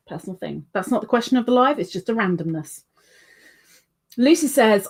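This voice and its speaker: A woman's voice: on the high side, animated, brisk, pauses often, breathy edge. A woman hosting a casual livestream, chatting, reading viewer comments aloud and laughing often. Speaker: livestream host.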